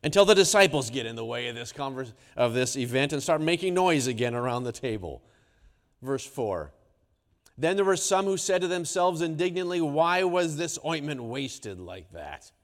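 A man preaching a sermon, swinging between hushed, quiet lines and loud, emphatic ones. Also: medium pitch, lively intonation, moderate pace. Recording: long hall reverb.

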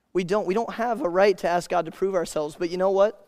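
Male preacher, high-pitched, conversational delivery with slow scripture reading. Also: a little mellow. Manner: casual and conversational, addresses listeners as "man" and "guys"; reads scripture aloud slowly. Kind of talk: sermon.

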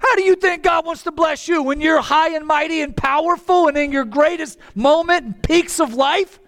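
A man preaching a sermon with passion, often rising to a shout. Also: extremely high pitch, normal speed. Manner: impassioned, bursts into shouting.

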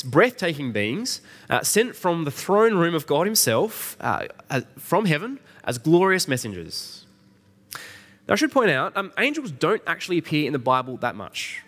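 A man's voice: a little high, fairly bright tone. A middle-aged man preaching an Easter sermon in a conversational way, asking the congregation questions. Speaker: pastor.

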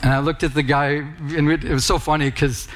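A man with a fairly high voice delivers a sermon in a church. He talks like a pastor chatting with his congregation, casual and storytelling. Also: fairly even intonation, a little fast, fairly bright tone. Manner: casual, conversational storytelling with laughs. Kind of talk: sermon with personal stories.

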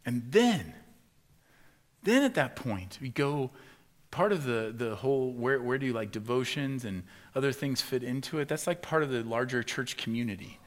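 A man preaching a sermon, acting out frustrated questions in a raised, animated voice and then turning quiet and earnest. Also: mid-range voice, moderate pace. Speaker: pastor.

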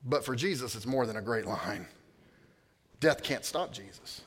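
A man preaching a sermon, building to loud emphatic peaks and then dropping to a near hush. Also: mid-range voice, expressive, moderate pace, husky. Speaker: pastor.

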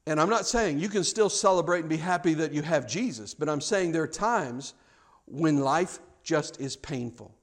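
A man with a high voice preaches a sermon in a conversational way. He often stumbles and repeats words, and his delivery swings from hushed, low stretches to loud, excited ones. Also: normal speed. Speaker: pastor.

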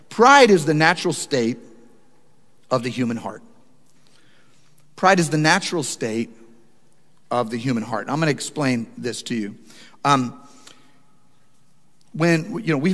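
A man preaching a sermon, telling stories with animated, building emphasis. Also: on the high side, long reverb tail. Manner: animated storytelling with rising emphasis. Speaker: pastor.

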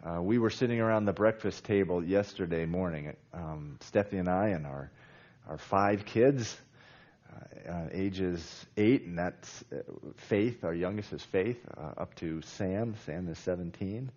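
A man's voice: low-pitched, measured pace, a little mellow, highs cut off. A man preaching a sermon in a conversational way, with many fillers and restarts, growing emphatic as he goes. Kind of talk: sermon on a Bible passage.

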